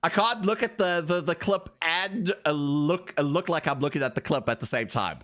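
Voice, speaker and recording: A man's voice: a little high, normal speed, fairly bright tone. A man streaming live, chatting loosely with his viewers, drowsy and loopy from allergy medication, goofy and rambling and breaking into sing-song chants.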